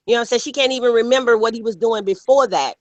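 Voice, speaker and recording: A woman's voice: fairly high pitch, rapid-fire, no room sound. Woman, panel host, emphatic, blunt, casual talk, dry close sound. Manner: emphatic, repeats "you know what I'm saying".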